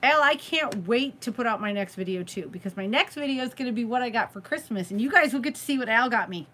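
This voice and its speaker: A woman's voice: fairly high pitch, animated, fast talker, bright, forceful tone, a little hiss or hum. A woman hosting a late-night live stream from home, chatty and giggly, teasing her viewers. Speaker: crochet channel host.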